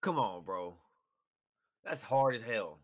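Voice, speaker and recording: A young man co-hosting a podcast in casual chat, profane and emphatic when making his point. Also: lowish voice. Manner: fast, animated, profane and emphatic. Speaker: podcast co-host.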